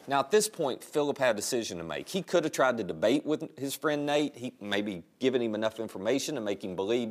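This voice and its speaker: A man's voice: medium pitch, very animated, fairly quick, hardly any pauses. A male pastor preaching a sermon in a conversational, storytelling way.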